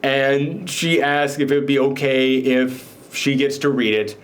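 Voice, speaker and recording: A man of middling pitch talks through a film casually. He rambles, piles up fillers and restarts, and rises animatedly when something excites him. It sounds like a host chatting in his own show. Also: measured pace.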